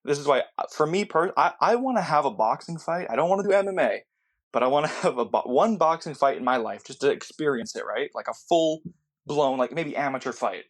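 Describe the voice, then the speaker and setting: A man in casual podcast chat, relaxed and quick to laugh along with short reactions. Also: fairly high pitch.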